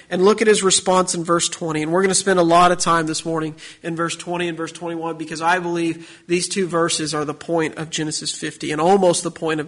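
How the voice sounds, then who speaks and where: High-voiced man preaching a sermon. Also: fairly bright tone. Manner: preaching with rising emphasis and repeated phrases. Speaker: pastor.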